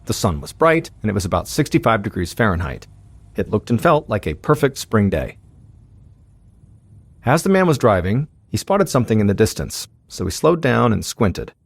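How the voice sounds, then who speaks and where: A man narrating a true-crime story in a steady, suspenseful scripted style as podcast host. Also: lowish voice, moderate pace, creaky, slightly rough, no room sound.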